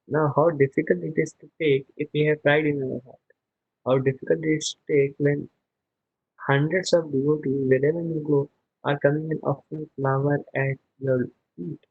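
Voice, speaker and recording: A man's voice: fairly high pitch, breathy edge, dry recording, phone-quality sound. A man teaching a scripture class over a video call, explaining verses word by word and chanting Sanskrit lines. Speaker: spiritual teacher.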